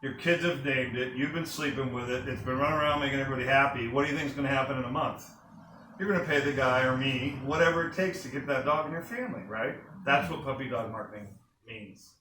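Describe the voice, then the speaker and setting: A man's voice: medium pitch, fast talker, bright, forceful tone. A man giving an enthusiastic sales presentation to a small group, asking the room questions as he goes. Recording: echoey room from a distant mic with faint noise.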